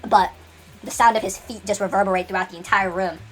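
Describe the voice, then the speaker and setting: A woman's voice: mid-range voice, steady tone, fast talker. Brief: casual female storyteller, rambling and dramatic, faint music bed. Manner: rambling, with many restarts and dramatic asides.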